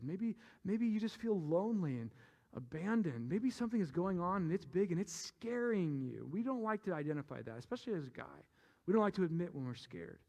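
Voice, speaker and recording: Guy pastor preaching, high voice, playful, pushes the room for an amen. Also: dull audio. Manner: animated, calls for amens, playful teasing of the crowd. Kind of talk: sermon.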